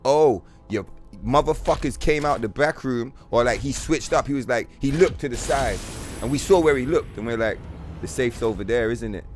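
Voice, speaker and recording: A man's voice: medium pitch, normal speed, soft background music. A man hosting a game livestream, telling rants and stories in heavy profanity, with a lot of animation in his voice. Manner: profane, ranting, animated storyteller. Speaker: streamer host. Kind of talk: casual game stream chat.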